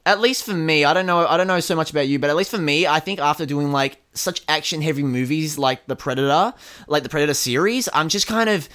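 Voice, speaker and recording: A man's voice: a little high, quick pace, sharp tone. A man co-hosting a podcast, chatting casually and rambling with many fillers. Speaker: podcast co-host. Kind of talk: casual chat.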